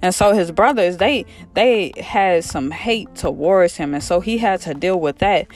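A preacher delivers a casual devotional sermon, fervent and full of repeated phrases that build emphasis. The voice sits in a middle pitch. Faint music plays underneath. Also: measured pace. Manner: fervent, repetitive exhortation.

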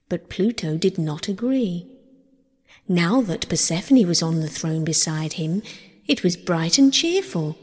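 Slow, gentle woman storyteller in a reverberant hall. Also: lowish voice, animated, slightly rough. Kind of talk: scripted storybook narration.

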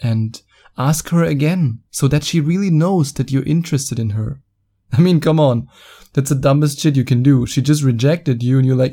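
A podcast host with a German accent talks solo into a studio microphone, blunt and mocking, swearing frequently. His mid-range voice is warm and his pace normal.

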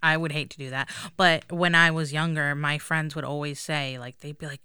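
A woman's voice: deep voice, steady tone, moderate pace, hardly any pauses, sharp tone, clean tone, no room sound, clean studio sound. A young adult woman co-hosting a podcast, chatting candidly and casually, swearing now and then. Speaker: podcast co-host. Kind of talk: casual chat.

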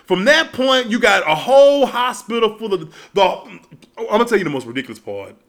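A man, hosting and ranting casually and comedically about a movie, profane, with shouted outbursts. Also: sits high, sing-song, fairly quick.

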